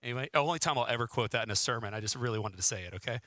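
A man's voice: medium pitch, very fast, sharp tone, no echo. A man in his thirties, a pastor giving a sermon with personal stories, chatty and self-deprecating and laughing often.

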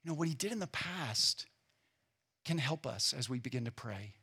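Earnest man preaching, bright and husky. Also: medium pitch, expressive, normal speed. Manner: earnest, emphatic preaching that softens into quiet reflection. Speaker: pastor. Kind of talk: sermon.

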